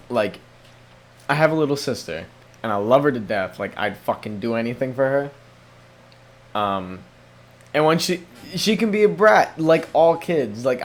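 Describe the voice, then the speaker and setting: A young man hosting a solo podcast, rambling casually with lots of swearing and restarts. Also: fairly high pitch. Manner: profane, rambling, many restarts. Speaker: podcast host.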